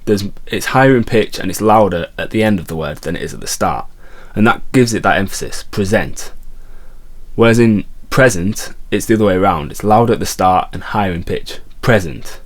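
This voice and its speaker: A man's voice: lowish voice, quick pace, few pauses. A man teaching a songwriting lesson as a guitar teacher, explaining patiently and sometimes restarting his phrases. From England.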